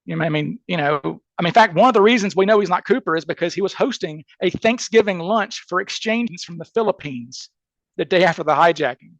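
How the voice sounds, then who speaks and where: Man, Southern accent, gravelly voice, dry close sound, emphatic guest explaining evidence. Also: sits high, fairly quick, no echo, highs cut off. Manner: emphatic, keeps checking in with "okay?" and "right?". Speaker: criminal defense attorney as guest. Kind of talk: podcast interview, explaining a case.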